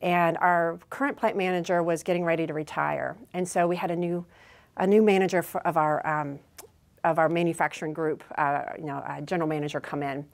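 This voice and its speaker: A woman guest in a conversational interview, recounting her career with animated storytelling. Her voice sits a little low for a woman. She often restarts her sentences and fills pauses with "um" and "you know". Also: vocal fry. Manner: animated, acts out quoted dialogue, many fillers and restarts. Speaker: interview guest, business executive.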